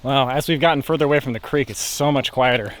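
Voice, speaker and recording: A man's voice: mid-range voice, quick pace. A man hiking a forest trail, making laid-back, dry remarks in casual chat. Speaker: hiking companion.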